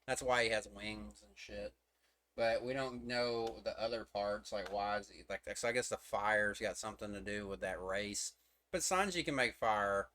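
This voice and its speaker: Speaking in a lowish, sharp-toned voice at a moderate pace, this man reviews a manga chapter on a casual stream. The talk is profane and rambling, recorded in his room and littered with fillers and false starts.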